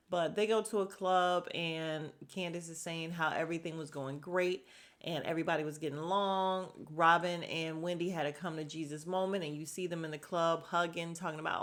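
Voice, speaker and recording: A woman talks through a TV recap in a loose, chatty way. Her voice sits a little low, and she is blunt and fed up with the drama. She sighs and laughs as she goes. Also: normal speed. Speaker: podcast host reviewing a reality show. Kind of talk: casual recap commentary.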